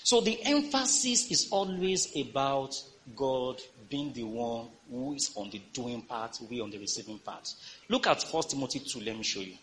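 A man's voice: medium pitch, moderate pace, slight background noise. A male pastor preaching a sermon in a church, reading scripture and calling on the congregation to respond. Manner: lively preaching with call-and-response.

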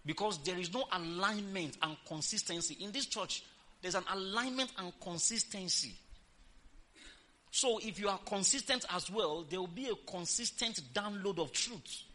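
A woman pastor preaching an emphatic sermon, firing rhetorical questions at the congregation and breaking into loud exclamations. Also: medium pitch, normal speed.

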